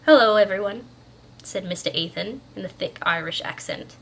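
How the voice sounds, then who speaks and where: A woman reads a bedtime story in a calm, gentle, unhurried voice with a bright, clear tone. A faint room ambience hums behind her. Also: lowish voice, a little hiss or hum.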